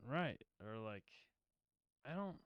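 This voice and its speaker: A man's voice: mid-range voice, big pitch swings, slow, clear, resonant tone, no room sound, highs cut off. A man co-hosting a casual movie-breakdown podcast, asking wry questions and giving car-savvy commentary. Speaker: podcast co-host.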